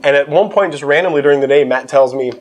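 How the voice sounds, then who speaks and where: A man's voice: on the high side, fast talker, a little mellow. A man hosting a casual chat, telling a funny story with lots of laughter. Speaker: host.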